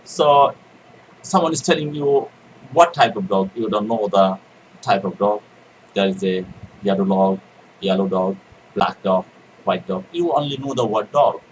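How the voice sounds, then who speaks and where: A man's voice: lowish voice, unhurried, long pauses, distant mic, a little hiss or hum, rough recording. A man teaching an exam reading lecture, repeating key words and answering his own questions. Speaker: IELTS teacher. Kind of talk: recorded exam-prep lecture.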